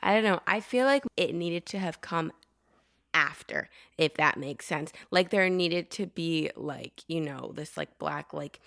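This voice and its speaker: A woman co-hosting a podcast, giving her opinion in a tentative, halting way. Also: sits low, creaky, a bit bright, no room sound, clean studio sound. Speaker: podcast co-host. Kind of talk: casual chat.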